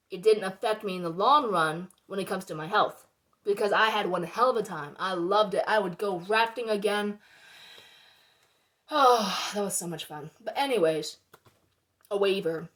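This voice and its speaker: A woman's voice: medium pitch, moderate pace, a bit bright. A young woman delivering an indignant, heated monologue to her viewers, swearing and repeating herself, firing rhetorical questions at the audience. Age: young adult. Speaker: vlogger.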